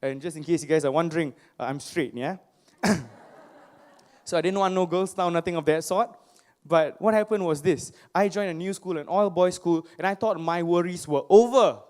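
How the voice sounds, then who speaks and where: A young man, giving a personal storytelling speech to a live audience, animated and self-mocking, often asking the crowd questions. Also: on the high side, normal speed. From Singapore. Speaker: motivational speaker. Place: stage before a live audience.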